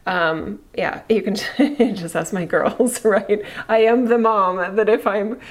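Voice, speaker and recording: A woman's voice: mid-range voice, unhurried. Candid, chatty woman host. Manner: candid, chatty, laughs often, acts out quotes. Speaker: video host. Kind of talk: reflective monologue to viewers.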